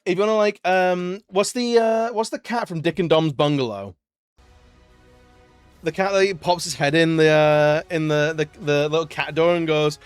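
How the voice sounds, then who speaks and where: A man, slightly higher-pitched than most, chats on a live stream in a loose, joking way, laughing often and wandering off into tangents. His voice sits close and dry on the mic. Faint music plays underneath. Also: moderate pace, clear, resonant tone, no room sound. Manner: playful, laughing often, swearing, rambling. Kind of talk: casual live-stream chat.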